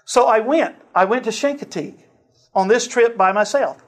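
A man preaching, telling a personal story in a sermon with lively acted-out dialogue and frequent chuckles. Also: high-pitched, moderate pace. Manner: animated storyteller, acts out dialogue, chuckles often.

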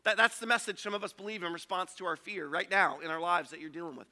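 A man preaching in a church hall with a long reverb tail. His voice sits high and very bright. He tells stories in a loose, conversational way and acts out quoted lines. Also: steady tone, fast. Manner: storytelling, conversational with acted quotes. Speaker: pastor. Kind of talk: sermon.

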